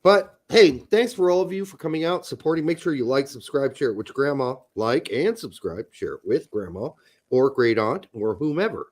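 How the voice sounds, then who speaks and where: A man co-hosting a casual soccer talk show, profane and animated, bursting into loud mock rants. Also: medium pitch, moderate pace. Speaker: podcast co-host. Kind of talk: casual chat.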